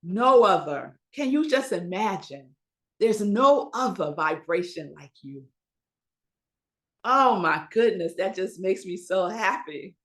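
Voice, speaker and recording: A woman minister preaching a Sunday sermon, slow and emphatic, asking the congregation rhetorical questions and pausing for effect. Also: mid-range voice, animated.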